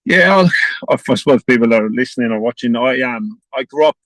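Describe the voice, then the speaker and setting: A man's voice: medium pitch, animated, fairly bright tone, no echo, poor audio. A man in his forties with an Irish accent, a former footballer chatting as a guest in a casual, rambling way with many restarts. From Ireland. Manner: quick, rambling, restarts often. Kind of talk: casual chat.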